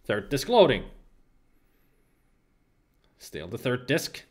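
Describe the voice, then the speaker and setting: A man's voice: medium pitch, sing-song, slow pace, darkish tone, husky. A man giving casual, joking gameplay commentary, rambling and swearing freely, with game music playing behind. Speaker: let's play commentator.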